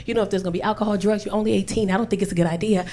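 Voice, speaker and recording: A woman in her forties doing a loud, profane stand-up set at a comedy club, telling stories brashly into a handheld mic. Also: mid-range voice, fairly even intonation, racing. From Los Angeles. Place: comedy club stage with a laughing audience. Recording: noisy live club recording.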